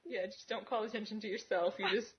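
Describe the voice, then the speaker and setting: A woman co-hosting a podcast in casual chat. She laughs a lot, swears freely and talks at a middling pitch. The recording sounds dull and lo-fi. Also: fairly even intonation, fast talker, slight background noise. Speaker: podcast co-host.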